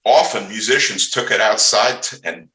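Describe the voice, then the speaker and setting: An outspoken older man rambles through stories, restarting his sentences as he goes. His low voice is bright and forceful. The sound carries a roomy echo. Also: moderate pace. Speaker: interview guest, bass player. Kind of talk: casual interview storytelling.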